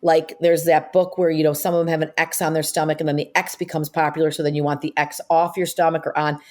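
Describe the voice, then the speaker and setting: Animated older woman, lower voice. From upstate New York. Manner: animated storyteller, rapid asides and fillers. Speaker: guest, comedic actress. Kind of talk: casual interview chat.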